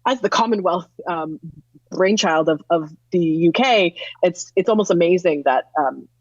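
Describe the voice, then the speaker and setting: A woman from Canada explains things earnestly on a panel, often restarting her sentences. Her voice sits slightly low, and the recording is dry and a bit dull. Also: moderate pace, no room sound. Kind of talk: panel discussion.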